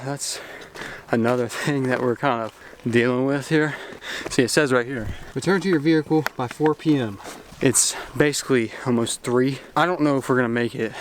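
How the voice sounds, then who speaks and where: A man's voice: mid-range voice, slight background noise. A young man vlogging casually to camera while hiking a mountain trail, out of breath as he climbs. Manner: hiking uphill while talking. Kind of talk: casual vlog talk to camera.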